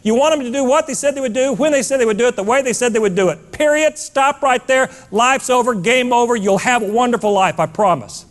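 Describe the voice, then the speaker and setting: Brash high-pitched man on stage. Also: brisk, hardly any pauses. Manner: blunt, brash, scolding, punchy repetition. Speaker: motivational keynote speaker. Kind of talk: fired-up keynote speech to a live audience.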